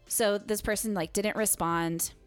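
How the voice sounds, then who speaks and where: A woman in casual podcast chat, telling a story with animated quoted voices and frequent laughs. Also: mid-range voice, a little slow, faint music behind.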